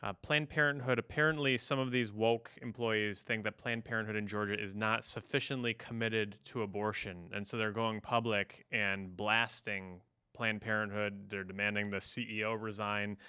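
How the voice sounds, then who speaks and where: A man's voice: fairly low pitch, little pitch movement, moderate pace, pushed and bright, smooth, dry recording, clean studio sound. A man on a podcast explaining in an earnest manner during casual chat.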